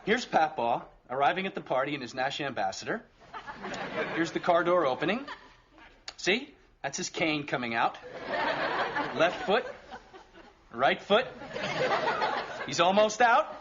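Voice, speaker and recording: A man's voice: fairly high pitch, sing-song, unhurried, pauses often. An actor playing an eager, chipper young Marine lieutenant who gushes and laughs as he talks, in an old TV sitcom. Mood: gushing. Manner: bubbly, laughing, gushing. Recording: dull old TV sitcom audio with hiss.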